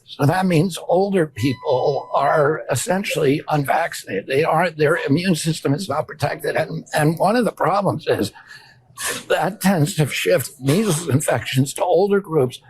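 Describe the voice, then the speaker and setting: An interviewed expert explaining vaccine waning in a measured, halting way. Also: mid-range voice.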